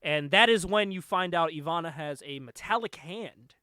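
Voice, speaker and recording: A man with a high, bright voice hosts a laid-back podcast chat. He retells a movie with lots of energy, jumps into the characters' lines and breaks into laughter. The sound is close and dry, with no room around it. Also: normal speed, smooth, dry recording. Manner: animated storytelling, laughs often, acts out lines. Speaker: podcast host. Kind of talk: casual chat recapping a movie.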